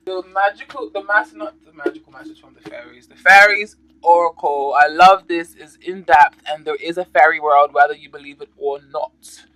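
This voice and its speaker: A man's voice: a little high, moderate pace, hardly any pauses, pushed and bright, low-quality recording. A man giving a casual tarot reading, playful and slangy, reading card meanings aloud and adding sound effects. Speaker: tarot reader.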